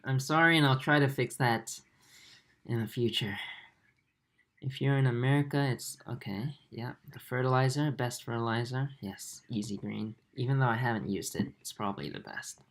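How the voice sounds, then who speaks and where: A man in his twenties hosting a livestream, reading viewer comments aloud in a soft, halting way with many fillers. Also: medium pitch. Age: 20s. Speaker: aquarium channel host.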